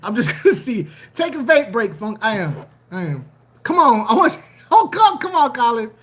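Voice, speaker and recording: An aquarium channel host chatting casually on a livestream, animated and joking, often repeating phrases. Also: mid-range voice, a little fast, husky.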